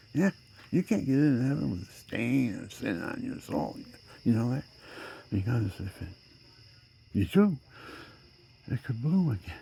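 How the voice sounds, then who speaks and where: An older man in his seventies with a mellow, dark, gravelly voice. He rambles through a personal monologue, rising into loud outbursts and sinking to near-whispers. Faint crickets and insects chirp behind him. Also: mid-range voice, a little hiss or hum. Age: 70s. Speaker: vlogger.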